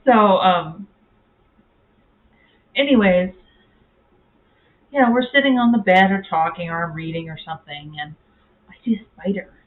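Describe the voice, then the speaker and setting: A woman's voice: lowish voice, measured pace, pauses often. A woman telling a personal story in a casual, rambling vlog, full of fillers and restarts. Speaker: vlogger. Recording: tinny, phone-like audio.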